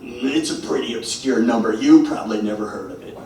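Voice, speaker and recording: A man's voice: mid-range voice, fairly quick, hardly any pauses, very noisy. A man doing stand-up comedy, telling a story with mock exasperation at bad puns. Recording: very echoey room, mic far away.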